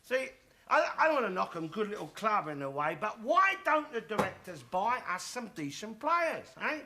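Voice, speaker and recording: An actor playing a bigoted, loudmouthed older football fan, blustering and shouting in a studio sitcom. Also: male voice, high voice, very animated, moderate pace, a little hiss or hum, heavily acted. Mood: ranting. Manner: blustering, shouting, self-satisfied ranting. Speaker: sitcom character.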